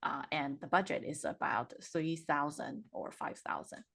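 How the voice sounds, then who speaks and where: A woman's voice: deep voice, moderate pace, creaky, a bit bright. A woman hosting an interview over a video call, talking casually and hesitantly as she searches for words. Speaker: podcast host.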